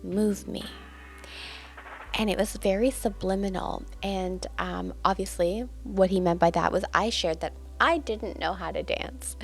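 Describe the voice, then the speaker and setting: Middle-aged woman, confessional vlogger, gravelly edge, faint music under her voice. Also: medium pitch. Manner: candid, emotional, many filler words. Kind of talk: personal confessional storytelling.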